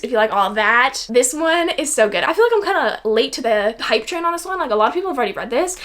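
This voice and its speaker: A woman's voice: sits high, a bit bright. A young woman chatting casually about romance books she loved, gushing and peppering her talk with "like" and the odd swear word. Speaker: book reviewer. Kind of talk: casual book review vlog.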